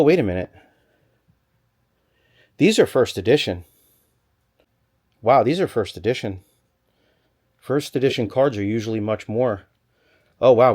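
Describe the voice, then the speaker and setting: A man vlogging from a storage locker, rambling and thinking aloud in an excited stop-start way, a little out of breath. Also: medium pitch. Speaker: storage unit reseller. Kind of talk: excited unboxing vlog.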